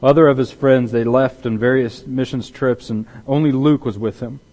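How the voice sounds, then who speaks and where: A man preaching a sermon as pastor, emphatic and repeating words, swinging between loud stress and hushed intensity. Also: mid-range voice, fairly even intonation, moderate pace. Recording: long hall reverb.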